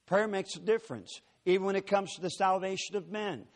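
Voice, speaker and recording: A man with a high voice speaks a little fast as he preaches to a church congregation. His sermon is built on personal stories, sprinkled with folksy, joking asides.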